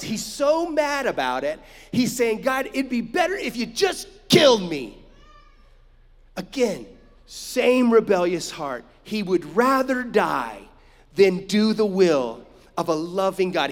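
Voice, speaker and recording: Male pastor, sermon, high voice, emphatic delivery, long hall reverb. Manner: emphatic preaching with rhetorical asides to the congregation.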